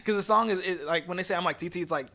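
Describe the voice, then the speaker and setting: A man's voice: high-pitched, creaky, pushed and bright. A young man co-hosting a podcast, chatting playfully and laughing often. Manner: giggly, playful, quick to laugh. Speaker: podcast co-host. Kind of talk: casual chat.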